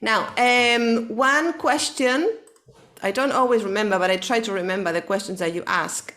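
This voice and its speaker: A woman whose first language is Spanish, teaching English to a single student online. She explains slowly, checks in with a frequent "okay?" and slips into Spanish for quick clarifications. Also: on the high side, fairly bright tone. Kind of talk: online one-to-one English lesson.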